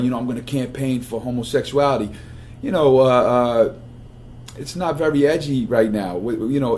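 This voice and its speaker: A man speaking in an interview clip, halting and repeating himself, leaning on "you know". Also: mid-range voice, darkish tone, slight background noise. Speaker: rapper in a played interview clip. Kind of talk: casual interview talk.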